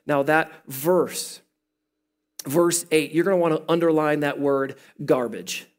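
A male pastor with a high voice preaches a sermon in an animated, playful way. He jokes with his listeners as he teaches, and his voice climbs as he gets excited. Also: unhurried.

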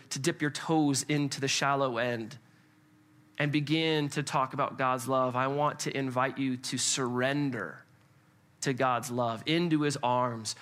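A man preaching a sermon as pastor to a church congregation, conversational and animated, often restarting with repeated words. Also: mid-range voice.

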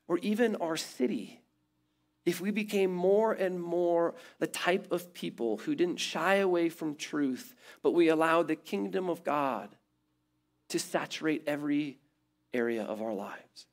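A man's voice: high voice, gravelly. Emphatic male pastor preaching. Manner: emphatic, builds in repeated phrases, then drops quiet. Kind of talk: sermon.

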